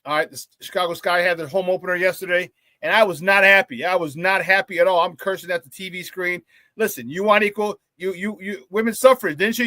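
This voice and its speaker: Upbeat guy hosting a sports talk show, kinda high voice, dry close sound, jokey and loud with the chat. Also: fast, dry recording. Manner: hype, playful, talks to the chat and laughs often.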